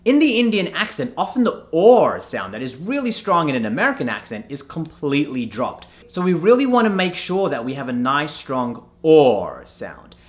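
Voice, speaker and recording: A man teaching a pronunciation lesson as an accent coach, clear and instructive, spelling out sounds letter by letter. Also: fairly high pitch, huge pitch swings, normal speed, few pauses.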